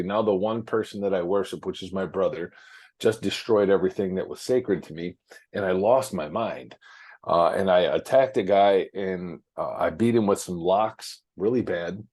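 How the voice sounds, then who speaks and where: A man's voice: low-pitched, darkish tone. A man talking frankly as an interview guest, with many fillers and restarts, from his office. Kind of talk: casual interview storytelling.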